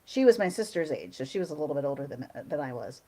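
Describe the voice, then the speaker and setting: A woman's voice: low voice, very animated, fast, mellow. A woman with a Philadelphia accent, chatting casually and telling stories on a live hangout stream. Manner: chatty, laughing, trails off into stories. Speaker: co-host. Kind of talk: casual chat.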